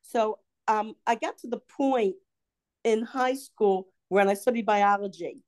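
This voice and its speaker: Older Baltimore woman, chatty storyteller, loose restarts, mid pitch. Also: unhurried, darkish tone. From Baltimore area. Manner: rambling storyteller, laughs often, many restarts. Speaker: podcast co-host, mother. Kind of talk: casual family chat.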